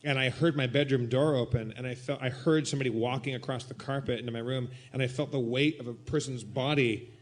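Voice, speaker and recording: A man telling a comedic story at a live show, animated and prone to shouted re-enactments. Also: medium pitch, a little fast. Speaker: guest storyteller.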